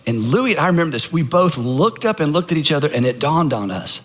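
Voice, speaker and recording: A man's voice: fairly high pitch, very animated, brisk, hardly any pauses. A man from Georgia, a pastor giving a conversational sermon, earnest with self-deprecating asides. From Georgia, United States.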